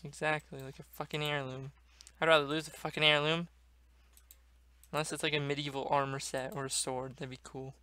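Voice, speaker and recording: A man's voice: on the high side, level tone, brisk, smooth. Exasperated young man venting, swearing. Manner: swearing, exasperated, swings between loud outbursts and muttering. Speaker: gaming vlogger. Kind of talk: venting rant to camera.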